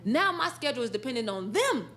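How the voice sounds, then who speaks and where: Woman, esports sportscaster and teacher, chatty interview guest, bright laughs, plays out the dialogue. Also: fairly high pitch, quick pace, a little hiss or hum. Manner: animated, laughs often, acts out quoted dialogue. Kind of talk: casual storytelling in an interview.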